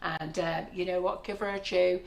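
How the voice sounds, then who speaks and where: A woman's voice: lowish voice, fairly even intonation, normal speed, creaky. A woman in her sixties hosting a baking live stream from a kitchen, chatting in a rambling way and often laughing. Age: 60s. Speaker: baking show host. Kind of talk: casual live-stream chat.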